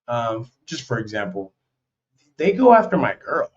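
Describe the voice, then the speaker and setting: A man's voice: mid-range voice, big pitch swings, a little slow. Casual, loose-talking American man. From United States. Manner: loose, street-casual talk with frequent "man" and "you know"; acts out quoted voices, slangy and blunt. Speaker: host. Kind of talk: casual advice monologue. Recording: dull lo-fi sound.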